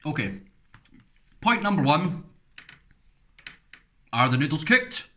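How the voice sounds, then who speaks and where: A man's voice: fairly high pitch, big pitch swings, slow, fairly bright tone. An English man giving a casual, frank food review, rambling through chatty asides as he tastes.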